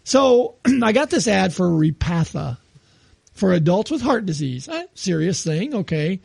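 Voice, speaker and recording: A man in his sixties with a high, gravelly voice chats on a casual comedy podcast. He giggles as he reads posts aloud, and his pitch swoops up and down. The sound is close and dry. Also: sing-song, unhurried, a little mellow, dry recording. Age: 60s. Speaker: podcast co-host.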